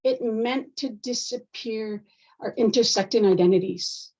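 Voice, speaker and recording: A woman's voice: a little high, measured pace, darkish tone, lo-fi sound. A woman moderating a live online panel, speaking firmly and directly. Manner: firm, direct, assertive.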